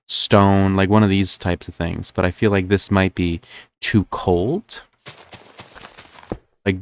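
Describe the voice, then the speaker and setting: A man's voice: deep voice, gravelly, slight background noise. A young man with a New Jersey accent doing live-stream gameplay commentary, rambling and thinking aloud with lots of fillers.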